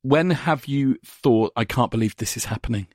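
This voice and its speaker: A man's voice: medium pitch, moderate pace, darkish tone, no echo, clean studio sound. A man hosting a podcast interview, reading questions in a playful, casual way.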